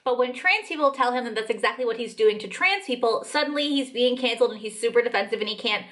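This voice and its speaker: A woman's voice: fairly high pitch, animated, fast, a bit bright. Young woman vlogger, casual and blunt. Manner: frequent "like" fillers, blunt and swearing. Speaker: commentary vlogger. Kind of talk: casual commentary vlog.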